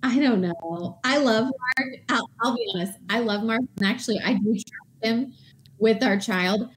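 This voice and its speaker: A woman co-hosts a casual chat show, speaking frankly and wryly. Her voice sits a little high. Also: moderate pace, low-quality recording. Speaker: podcast co-host.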